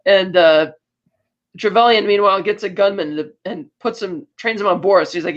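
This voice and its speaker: Recapping a film casually, a podcast co-host talks at normal speed with a medium-pitched voice. The scenes get retold with loose side comments and acted-out lines, and the recording has a dull lo-fi quality.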